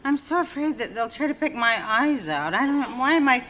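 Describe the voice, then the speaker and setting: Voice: high voice, very animated, fairly quick, sharp tone, full character voice. A performer playing a female therapy patient with several personalities, switching between timid, sweet and murderous voices. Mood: fearful. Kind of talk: comedy sketch acting.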